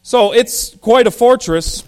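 A man teaching through a Bible passage verse by verse in a conversational, animated way, with frequent fillers and restarts. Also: extremely high pitch, slow. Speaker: pastor.

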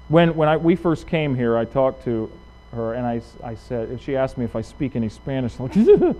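A middle-aged man preaching a sermon as pastor, talking conversationally with emphatic rises and quick asides. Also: on the high side, a little mellow, low-quality recording.

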